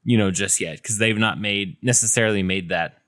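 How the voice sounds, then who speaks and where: A man's voice: fairly low pitch, fairly bright tone, dry recording, studio quality. A man co-hosting a podcast, chatting casually and rambling a little as he reviews episodes. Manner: unhurried, rambling with restarts. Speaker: podcast co-host.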